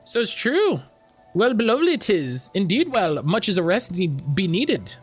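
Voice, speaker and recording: A man's voice: sits high, very animated, a little slow, slightly rough, soft background music, exaggerated voice. A man voicing an odd-spoken traveling woman customer in a put-on Scottish accent, with archaic, garbled phrasing. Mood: quaint.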